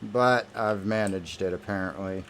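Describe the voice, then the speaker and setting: A man talks over his gameplay in a fairly low voice, irritated and swearing nonstop. He speaks into a desk microphone with a faint hiss underneath. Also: a little slow, fairly bright tone. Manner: irritated, heavily profane ranting. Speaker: gamer. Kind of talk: gameplay commentary.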